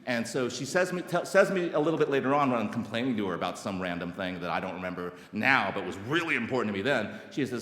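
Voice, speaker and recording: A man in his sixties from Alabama, telling his own recovery story at a meeting in an animated, self-mocking way, with many restarts and acted-out quotes. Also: medium pitch, fast talker, hardly any pauses. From Alabama, United States. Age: 60s. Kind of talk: personal testimony talk. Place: large meeting hall. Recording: echoey hall reverb.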